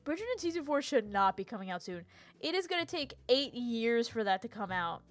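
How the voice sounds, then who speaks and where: A woman's voice: a little high, fairly quick, soft background music. Ranting young woman streamer. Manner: animated, ranting with laughs and restarts. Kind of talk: casual chat, live stream rant.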